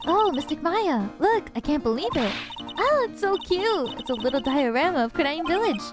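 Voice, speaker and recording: A woman voicing an excitable little girl who gushes and squeals, over clear background music. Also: high-pitched, moderate pace, pitched above the performer's own voice. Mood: excited. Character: sweet excitable little girl spirit medium apprentice.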